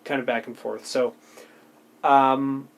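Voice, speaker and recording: A man talking reflectively to camera about a personal practice, thoughtful and halting, often restarting his sentences. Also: medium pitch, little pitch movement, creaky. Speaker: video creator sharing a personal practice. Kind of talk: reflective casual talk to camera.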